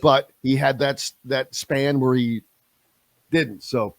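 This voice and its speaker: A man's voice: medium pitch, fairly even intonation, takes it slowly, vocal fry, no echo. A male sports radio host speaking emphatically and jumping in to disagree.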